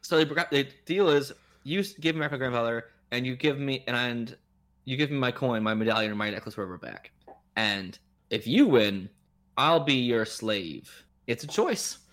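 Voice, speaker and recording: A man's voice: medium pitch, brisk. A man co-hosting a casual podcast, retelling a movie plot in an incredulous, joking way. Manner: animated, incredulous retelling with laughs. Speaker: podcast co-host. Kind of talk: casual chat reviewing a movie.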